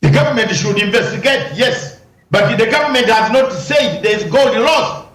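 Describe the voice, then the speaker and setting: A man's voice: very high voice, expressive, moderate pace, fairly bright tone, roomy sound, low-quality recording. A man, a lawyer, arguing combatively in a heated news interview, firing rhetorical questions and raising his voice at times.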